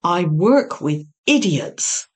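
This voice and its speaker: A woman's voice: fairly low pitch, very animated, slow, heavily acted. A woman voicing a brusque, exasperated female security officer who barks orders and insults in a raised voice. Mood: scornful. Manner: shouts curses and orders.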